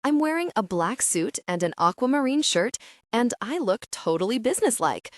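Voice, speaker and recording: Woman narrator for a first-person audiobook, lively rising-and-falling delivery, dry close studio sound. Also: a little high, normal speed, dry recording. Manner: animated, expressive storytelling.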